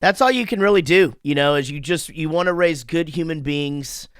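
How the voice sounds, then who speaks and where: Smooth, dry-sounding podcast host. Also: male voice, fairly high pitch, normal speed, dry recording. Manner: enthusiastic, affirming. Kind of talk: casual interview chat.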